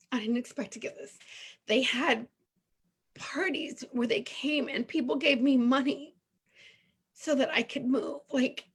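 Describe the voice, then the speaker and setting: A middle-aged woman from Texas, a guest telling a personal story in an emotional, animated and candid way. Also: sits high, gravelly, breathy edge.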